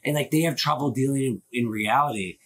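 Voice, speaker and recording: A mid-range, slightly rough male voice moving fairly quickly. He's hosting a phone live stream, rambling casually and opinionatedly with lots of filler words and cursing.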